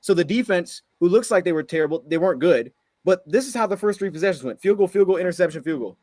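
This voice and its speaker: A man's voice: sits high, animated, fast talker, darkish tone, dry recording. A man co-hosting a sports podcast, ranting heatedly after a game and firing off frustrated rhetorical questions. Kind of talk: heated post-game rant.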